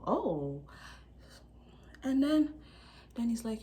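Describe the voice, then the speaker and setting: A young woman vlogger telling a story in a casual, slangy, animated way, acting out the people in it. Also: a little high, a little slow, gravelly, long pauses.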